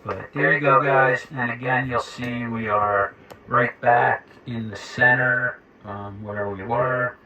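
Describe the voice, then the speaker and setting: A man's voice: mid-range voice, fairly even intonation, takes it slowly, lo-fi sound, over a noisy crowd. A man casually demonstrating a radio, talking through his settings and counting test words into the mic. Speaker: radio equipment reviewer. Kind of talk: casual demo talk.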